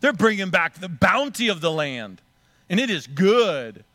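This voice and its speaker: A man's voice: sits high, big pitch swings, a little slow, pushed and bright, dry recording. A man preaching a sermon, acting out the scripture voices dramatically. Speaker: pastor.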